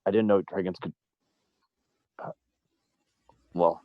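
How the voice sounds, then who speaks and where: An earnest, humble warrior who stumbles through apologies and simple replies, as a man plays him. The low voice sounds dull and dry, recorded close for an online tabletop game. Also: steady tone, takes it slowly, no echo. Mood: apologetic.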